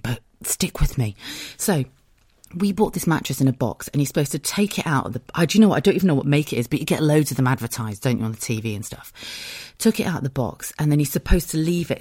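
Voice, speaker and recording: A woman's voice: extremely low pitch, darkish tone, breathy edge, dry recording, studio quality. A woman in her thirties with a British accent, hosting a podcast as a casual, rambling monologue and swearing freely. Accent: British English. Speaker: podcast host.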